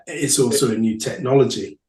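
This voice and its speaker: A man co-hosting a casual podcast, explaining his ideas in a measured, reflective way. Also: mid-range voice, a little mellow. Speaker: podcast co-host. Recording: echoey room.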